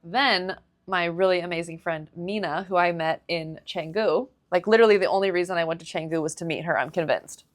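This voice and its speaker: A woman hosting a solo podcast, telling a confessional story in an animated way, acting out her own reactions and filling her speech with "like.". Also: on the low side, fairly quick. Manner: heavy use of "like" fillers. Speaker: podcast host.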